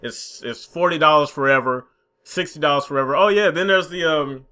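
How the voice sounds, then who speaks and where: A man's voice: fairly high pitch, brisk, sharp tone. A young man in a gaming commentary vlog, frustrated and profane, mocking the companies as he rants. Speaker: gaming YouTuber.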